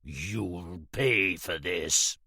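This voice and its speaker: A man's voice: sits low, extremely slow, bright, forceful tone, breathy edge, no echo, studio quality, voice pushed down, exaggerated voice. A man reading an audiobook, voicing a blustering, cowardly wealthy man with a different timbre from his narration. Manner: angry, demanding bluster.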